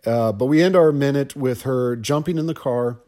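A man talks through a movie scene on a casual podcast, taking his time and tripping over restarts along the way. His voice sits at an ordinary middle pitch. He drops in dry little jokes as he goes. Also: moderate pace, mellow. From Ohio. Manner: rambling, stammers and restarts, wry asides. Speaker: guest podcast host.

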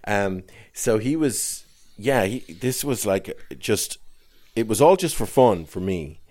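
A man's voice: low voice, moderate pace, a little mellow. An Irish man telling a long, rambling story in casual chat, often restarting his sentences and laughing as he goes. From Ireland.

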